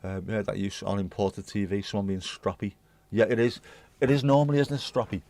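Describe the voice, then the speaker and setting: A man's voice: lowish voice, steady tone, a little fast, mellow. A man hosting a livestream, chatting to viewers in a rambling, jokey way and swearing casually. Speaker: livestream host.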